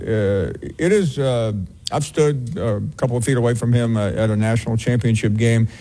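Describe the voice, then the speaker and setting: A man hosting a sports radio call-in show, answering callers in a measured way with frequent pauses. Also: medium pitch, mellow.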